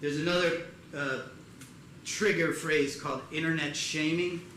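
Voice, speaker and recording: A man performing live storytelling comedy in a theater, animated and acting out other people's voices in loud bursts. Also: a little high, unhurried, slight background noise. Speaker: comedian performing a one-person show. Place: theater stage before a live audience. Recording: echoey theater with audience ambience.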